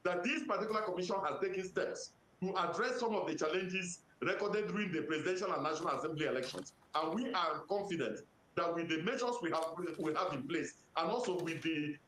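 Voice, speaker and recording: Nigerian man, election official, formal and methodical, high voice, echoey room. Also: expressive, a bit bright, a little hiss or hum. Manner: measured, methodical, cites legal sections. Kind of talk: formal answers to press questions. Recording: roomy echo.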